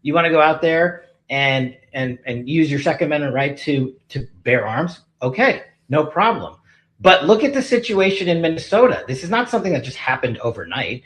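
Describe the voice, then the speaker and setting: A man's voice: fairly high pitch, big pitch swings, normal speed, a bit bright, poor audio. A man speaking as a government official in an interview, firm and emphatic.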